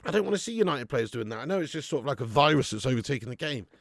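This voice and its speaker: A man hosting a live football watch-along, excitable and sweary, breaking into shouts at the action. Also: mid-range voice, racing, vocal fry, no echo, studio quality. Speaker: fan channel host.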